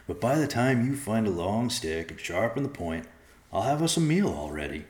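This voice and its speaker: Male reader doing a young bear cub, cheeky, teasing, deep voice. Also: sing-song, moderate pace, darkish tone, reverberant. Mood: playful.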